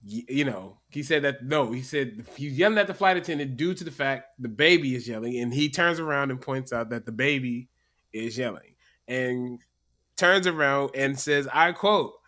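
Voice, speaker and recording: A man hosting a casual podcast chat, animated and profane, laughing often. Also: mid-range voice, moderate pace. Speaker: podcast host.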